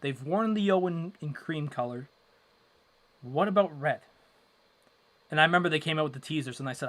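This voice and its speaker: A young man hosting a casual live hockey watchalong, rambling with lots of fillers and breaking into loud exasperation. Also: on the high side, expressive, moderate pace, pauses often. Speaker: livestream watchalong host.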